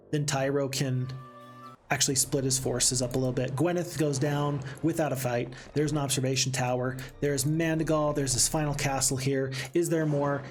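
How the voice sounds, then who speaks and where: A man streaming a strategy game live, chatting and reading viewer comments aloud, with sudden excited outbursts. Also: a little high.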